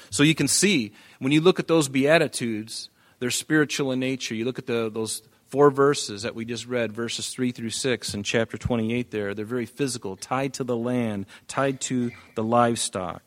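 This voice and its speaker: A man's voice: medium pitch, normal speed. A man, a pastor preaching an expository sermon, reading scripture aloud and pressing points with emphatic rises and drops in volume.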